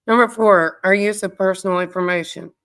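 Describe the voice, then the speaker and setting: A woman hosting a livestream, reading a privacy policy aloud quickly, with sassy asides to viewers. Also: medium pitch, fairly even intonation, fairly bright tone. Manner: reads quickly, breaks off to chat with viewers. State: out of breath. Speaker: true crime livestream host.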